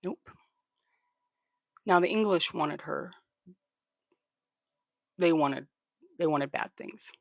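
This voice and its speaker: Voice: mid-range voice, slow pace, pauses often, no room sound, studio quality. A livestream host telling a history story in a casual way, often stopping to repeat or restart words and to thank viewers.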